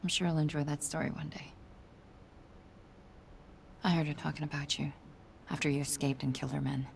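A woman's voice: low-pitched, fairly even intonation, brisk, gravelly, a little hiss or hum. An actress voicing a terse, matter-of-fact female crew ally in a video game.

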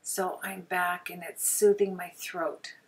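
A woman with a hoarse, sore throat chatting through a crafting tutorial voice-over, often clearing her throat and apologizing. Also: on the low side, little pitch movement, slow pace, recorded from a distance. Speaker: card-making crafter.

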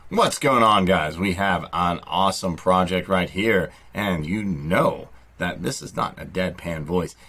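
A man with a low, slightly husky voice narrates a promotional pitch. He keeps the delivery upbeat and salesy, like a channel host hyping a product. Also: measured pace, few pauses, pushed and bright.

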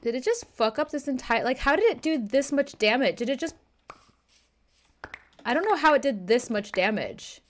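A woman's voice: high-pitched, big pitch swings, moderate pace. A young woman streaming a game, talking in a rambling, flustered way and swearing freely as she plays. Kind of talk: live-streamed game commentary.

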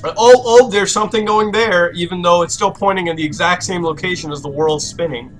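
A young man commentating a horror game let's play, swearing a lot and reacting loudly with jumpy outbursts. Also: sits high, fairly even intonation, fairly quick, faint music behind. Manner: loud, profane, jumpy reactions. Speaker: gaming YouTuber.

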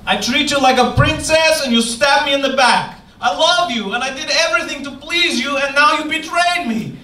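A man's voice: very high-pitched, normal speed, sharp tone. A man playing a jealous, heartbroken man at a live script reading, giving melodramatic, strained outbursts. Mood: furious. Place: live stage in an event venue. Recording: echoey room, distant mic, background noise.

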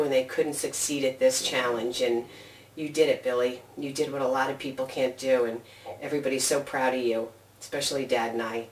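A woman, the soldier's mother, giving a tender, proud, slightly halting recorded message in a church. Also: sits low. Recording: echoey room, mic far off.

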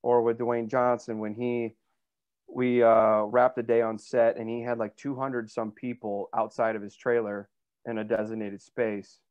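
A man's voice: mid-range voice, flat delivery, measured pace, darkish tone, clean tone. A man, an actor being interviewed, telling stories in a chatty, rambling way with many fillers and restarts. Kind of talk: casual interview storytelling. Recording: dull lo-fi dry sound.

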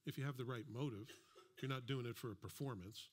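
A man's voice: mid-range voice, quick pace, a little hiss or hum. Conversational man preaching a sermon. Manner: conversational preaching with asides and acted-out quotes. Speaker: pastor. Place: church.

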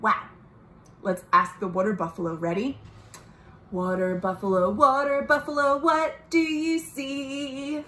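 A woman reads a picture book to small children in a gentle, sing-song way, stopping to ask them questions. She speaks slowly, with a voice a little higher than most. The room around her echoes, with a faint hum of noise behind. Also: fairly even intonation. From United States. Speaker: children's librarian. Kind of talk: storytime read-aloud for children. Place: at home.

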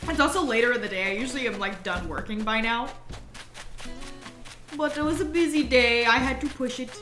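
A woman streams a game while chatting casually, giggling often, sounding tired and yawning. Her voice is on the high side and brisk. The audio has roomy echo with soft music underneath.

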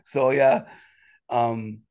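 As an interview guest, a man shares a personal story in a loose, rambling manner full of restarts and "you know." He's animated, his voice rising quickly in pitch whenever indignation strikes.

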